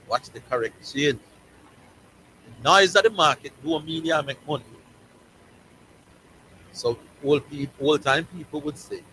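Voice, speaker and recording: Bright-voiced Jamaican sports host. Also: male voice, fairly high pitch, moderate pace, pauses often, a little hiss or hum, rough recording. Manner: emphatic, repeats words and phrases for stress. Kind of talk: opinionated sports talk.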